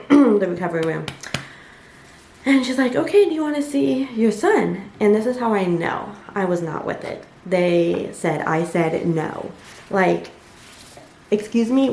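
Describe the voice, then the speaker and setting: This young woman vlogger has a lowish, gravelly voice with a darkish tone. She shares a personal story casually, packed with fillers and quoted asides, recorded in an echoey room with faint background noise.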